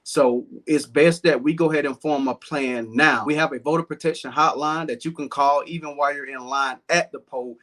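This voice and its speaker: A man in his thirties from southern Georgia, with a Southern accent, speaks earnestly as a political candidate in an interview, using frequent fillers. His fairly high, fairly bright voice holds a steady tone at a moderate pace with hardly any pauses.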